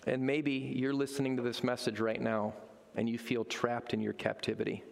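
A man's voice: medium pitch, moderate pace, creaky, in a large hall. A man preaching a sermon as a pastor, telling stories with energy and acting out voices. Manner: animated storytelling, acts out voices.

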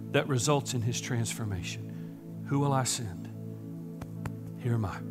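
A man preaching a sermon, swinging from hushed whispers to loud, impassioned preaching. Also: medium pitch, unhurried, music in the background. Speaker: pastor.

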